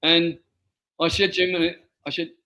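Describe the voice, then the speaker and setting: An older man from England, an author being interviewed, telling stories from his life with many halting restarts and repeated words. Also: on the high side, level tone, pushed and bright. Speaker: author guest. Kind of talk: interview storytelling.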